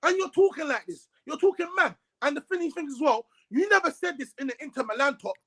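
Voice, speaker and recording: Ranting high-voiced man. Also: fast, poor audio. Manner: animated, ranting, repeats words, London slang. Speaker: co-host. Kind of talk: heated casual football chat.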